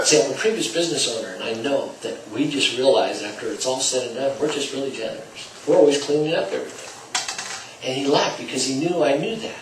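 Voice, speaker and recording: A man's voice: mid-range voice, fast, a little hiss or hum. A man teaching salespeople through a story, acting out the dialogue with swings in volume. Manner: acts out dialogue with shifting volume. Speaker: sales trainer. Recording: roomy, distant mic, faint ambience.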